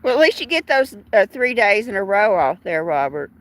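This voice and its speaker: A woman's voice: medium pitch, sing-song, moderate pace. An older woman hosting a casual live stream outdoors in the evening, chatting to viewers with many fillers and laughs. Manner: chatty, warm-hearted, frequent fillers and laughs. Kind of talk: casual chat reading out viewer comments.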